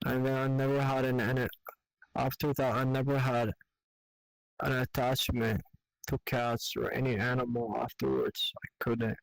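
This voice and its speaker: A young man speaks in a steady, level tone with little rise and fall. His delivery is candid, profane and halting as he tells an emotional personal story. The sound is dry and close. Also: medium pitch, vocal fry, dry recording, poor audio. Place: online voice chat in a virtual world.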